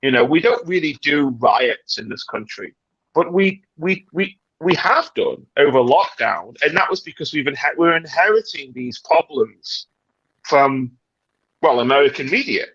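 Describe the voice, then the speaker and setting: A British man in casual livestream chat, talking in an animated, dramatic, rambling way with many restarts. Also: a little high, unhurried, husky, dry recording, dull audio. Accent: British English. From Britain. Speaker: livestream panelist.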